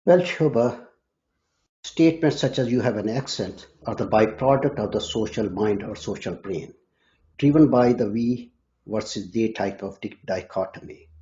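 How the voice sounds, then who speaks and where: A man discussing linguistics on a podcast in a measured, lecture-like way. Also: fairly low pitch, dark tone, dull audio. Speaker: linguistics scholar.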